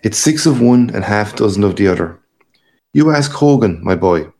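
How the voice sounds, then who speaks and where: A brash, boastful man of the world holds forth in an expansive, patronizing way, as a man reads him aloud. The voice sits low but leaps higher on his showier remarks. He sounds hearty and sure of himself throughout this storybook reading. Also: expressive, normal speed, a little mellow, natural voice. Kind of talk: audiobook character reading.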